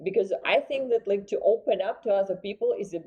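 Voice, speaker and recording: A woman's voice: mid-range voice, fast talker, muffled recording. A woman hosting a casual studio interview, effusive and full of fillers. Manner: warm, effusive praise with fillers. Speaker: podcast host.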